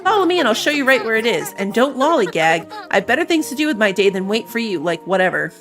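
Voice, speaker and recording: A woman's voice: fairly high pitch, big pitch swings, fast, over music. A woman voicing a condescending island guide who talks in a sarcastic, dismissive way. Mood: snide.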